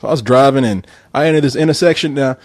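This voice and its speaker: A man telling a story in casual chat, animated and swearing freely, acting out the voices of the people in it. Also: medium pitch, fast, dry recording, clean studio sound.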